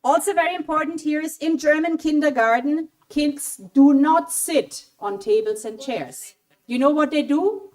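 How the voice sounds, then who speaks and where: At a college event, a German-language speaker with a bright, high-pitched voice runs a playful, interactive quiz in a small auditorium hall. Using a handheld mic, she's lively and coaxing, urging people to choose answers and keeping the room engaged.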